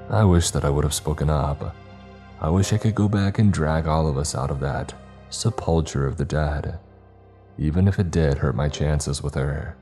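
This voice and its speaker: A man reading a scripted horror story aloud in a measured, somber way. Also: a bass voice, dark tone.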